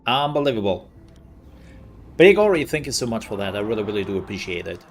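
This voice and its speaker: A man giving relaxed, chatty commentary as he streams a game and thanks his viewers. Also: lowish voice, fast talker, creaky, a little hiss or hum. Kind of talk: casual gameplay commentary.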